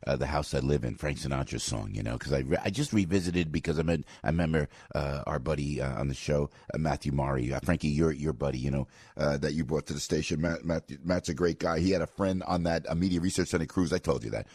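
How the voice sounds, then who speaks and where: A man's voice: rumbling low, fast, hardly any pauses, breathy edge, no echo, clean studio sound. An older man hosting a morning radio show, in a fired-up, rambling monologue full of restarts. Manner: animated, rambling, with many restarts and fillers. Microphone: studio microphone.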